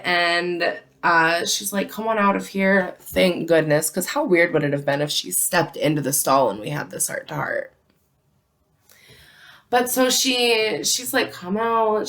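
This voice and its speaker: A woman's voice: fairly low pitch, fairly bright tone. A young woman telling a casual storytime vlog about her job, chatty and full of "like" fillers. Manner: chatty, frequent "like" fillers, unhurried. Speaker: vlogger telling a work story.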